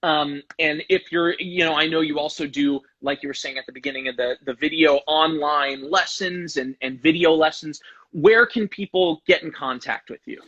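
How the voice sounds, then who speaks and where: A man's voice: on the high side, moderate pace, fairly bright tone, dull audio. A male host in a casual online interview, enthusiastic and full of praise, calling his guest "man" again and again. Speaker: interview host for a guitar pickup company. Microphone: video call or live stream.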